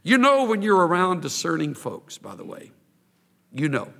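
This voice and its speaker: A man preaching a sermon in an animated, emphatic way, building intensity as he explains a scripture passage. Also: fairly high pitch, moderate pace, gravelly. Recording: reverberant hall.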